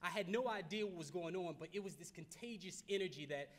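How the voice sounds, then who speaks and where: A man in his thirties from Baltimore, United States, with a fairly high-pitched voice, gives a fast, earnest motivational keynote. He repeats phrases for emphasis and stumbles into restarts, and his voice rings out with a long reverb in a large banquet hall.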